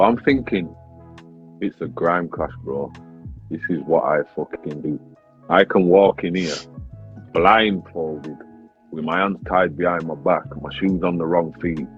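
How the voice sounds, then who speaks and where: A man, a grime artist and battle rapper telling a story in a casual interview, animated, swearing often and saying "bro" all the time. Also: low voice, husky. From Leeds, England. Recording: tinny phone-like sound with faint music.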